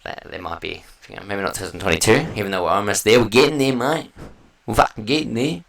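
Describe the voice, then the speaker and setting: A man's voice: on the low side, fast, gravelly, fairly bright tone, low-quality recording. An Australian man hosting a solo podcast, talking in a loose, rambling way with slang and heavy swearing. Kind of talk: casual rambling monologue.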